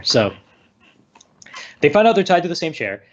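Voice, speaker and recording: A man's voice: medium pitch, sing-song, brisk, long pauses. Man casually retelling a movie plot. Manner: rambling retelling, acting out lines with laughs. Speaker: podcast co-host recapping a movie. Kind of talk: casual chat. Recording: slightly dull lo-fi recording.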